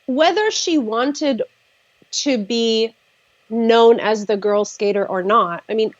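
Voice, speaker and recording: A woman therapist talking casually on a livestream video call, measured and thoughtful with frequent fillers. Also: mid-range voice, no room sound, muffled recording. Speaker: therapist, regular guest.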